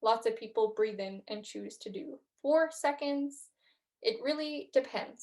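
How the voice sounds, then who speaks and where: A young woman hosting a podcast, talking gently through reflection and a guided breathing practice, with frequent fillers. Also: on the high side, a little slow. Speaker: podcast host. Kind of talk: guided mindfulness talk.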